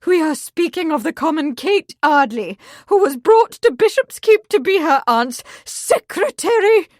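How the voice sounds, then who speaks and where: A woman reading an audiobook, voicing an imperious, hysterical older aristocratic mother who speaks in a shrill, cutting way. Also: moderate pace, dry recording, clean studio sound, lightly acted.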